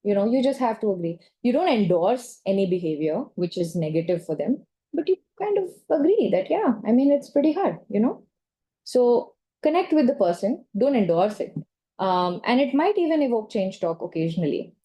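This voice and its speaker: A woman's voice: medium pitch, sing-song, moderate pace, warm tone. A woman lecturing in an online training session, talking conversationally and often checking in with "right?" or "okay?".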